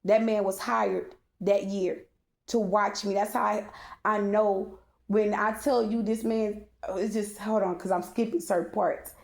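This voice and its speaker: A woman's voice: medium pitch, fairly even intonation, measured pace, gravelly, a little mellow. Woman, casual storytime monologue, rambling, fillers, talks to her audience, profane. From Texas.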